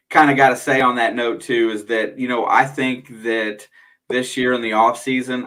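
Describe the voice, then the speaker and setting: This young man co-hosts a casual sports livestream from home at a desktop mic. His delivery is laid-back and easygoing, and he reads out game stats in a plain, steady way. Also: lowish voice. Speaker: livestream co-host.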